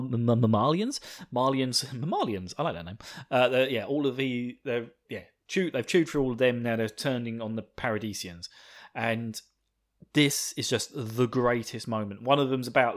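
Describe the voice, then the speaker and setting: Podcast guy rambling excitedly, laughing and swearing as he goes. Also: mid-range voice. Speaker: podcast host. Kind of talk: casual podcast chat.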